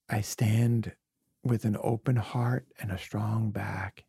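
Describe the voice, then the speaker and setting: Man from Brooklyn, podcast guest: earnest, emotional storyteller, low, rough and husky, recorded dry. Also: little pitch movement, takes it slowly, no echo. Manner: earnest, emotional storytelling with soft whispered asides. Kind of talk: reflective conversation.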